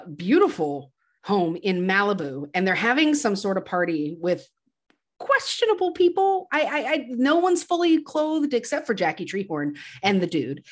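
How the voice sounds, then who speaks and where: Chatty woman recapping a film. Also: medium pitch. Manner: chatty retelling with quoted lines and laughs. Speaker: podcast co-host. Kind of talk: casual film recap chat.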